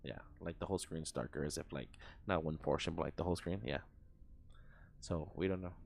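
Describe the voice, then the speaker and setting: A man's voice: rumbling low, brisk, creaky, a little mellow, a little hiss or hum. A young man streaming live, telling a story in a rambling, profane way, full of fillers and sound effects.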